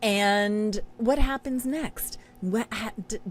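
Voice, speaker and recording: A woman co-hosting a podcast in casual chat, recapping an episode with emphatic, animated delivery and frequent laughter. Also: on the high side, slow pace. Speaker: podcast co-host.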